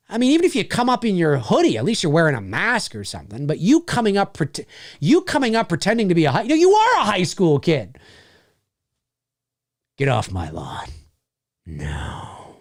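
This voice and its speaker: Brief: man in his forties, livestream host, animated and swearing, with a dry, close sound. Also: high voice, fairly quick, no room sound. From Canada. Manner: animated, profane, laughs often. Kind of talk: casual livestream chat.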